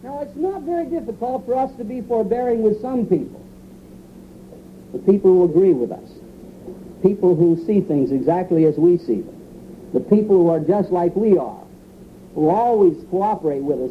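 A man preaching a sermon with a slightly high voice and earnest emphasis. His voice comes through a thin, phone-like radio broadcast with a faint hiss underneath. He leans into the quoted lines, acting them out as he goes. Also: moderate pace.

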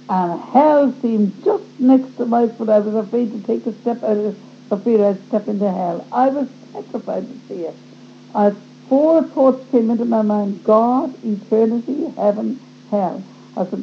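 A woman's voice: fairly high pitch, normal speed. A woman giving a personal religious testimony, telling her story earnestly and acting out her own past thoughts in quoted lines. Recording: dull, muffled recording with faint hum.

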